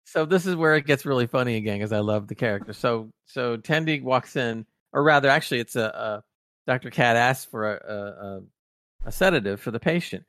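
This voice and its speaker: Male podcast co-host, animated storyteller, mid-pitched voice, dry close-mic sound. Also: a little fast, no echo. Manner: animated scene retelling. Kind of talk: casual review chat.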